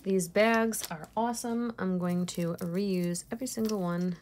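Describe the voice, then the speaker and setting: A woman's voice: medium pitch, fairly even intonation, measured pace, a little mellow, slight background noise. A woman reseller chatting casually through an unboxing, gushing over each piece and laughing at herself. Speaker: jewelry reseller vlogger.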